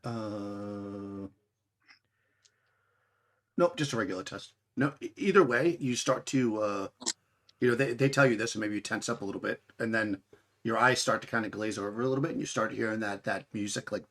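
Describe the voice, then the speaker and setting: Gravelly low-voiced man running a game. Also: normal speed, a bit bright. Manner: rambling, many restarts and fillers. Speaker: game master. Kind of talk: narrating a tabletop game.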